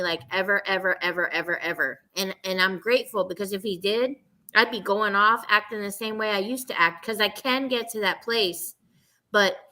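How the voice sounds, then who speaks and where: A woman's voice: medium pitch, sharp tone. A woman podcast host telling candid, profane stories about herself in casual chat. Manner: candid, profane confessional storytelling.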